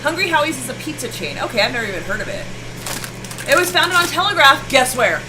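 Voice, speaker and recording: Brief: young woman, higher voice, playful teasing co-host in a noisy home kitchen. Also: sing-song, fast, recorded from a distance. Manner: playful, teasing, laughs often. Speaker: co-host of a cooking show. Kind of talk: casual chat while cooking. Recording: home recording with background noise.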